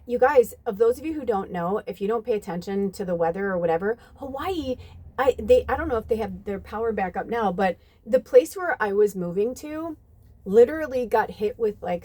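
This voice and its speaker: A woman's voice: mid-range voice, expressive, normal speed, a little mellow, dry recording. A woman in her fifties, a psychic medium giving a chatty channeled reading to her viewers, casual and swearing freely. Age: 50s. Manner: chatty and swearing, addresses viewers as "you guys". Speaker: psychic medium and tarot reader.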